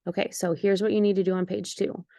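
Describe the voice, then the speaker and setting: A woman's voice: medium pitch, level tone, quick pace, warm tone, no echo, studio quality. A woman teaching an art lesson in a recorded video, giving patient, step-by-step instructions with the odd "um".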